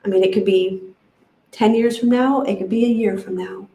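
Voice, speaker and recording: A woman's voice: mid-range voice, fairly even intonation, moderate pace, warm tone, echoey room, poor audio. A woman sharing a personal story in an emotional, rambling way, with many fillers. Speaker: retreat guest sharing her experience.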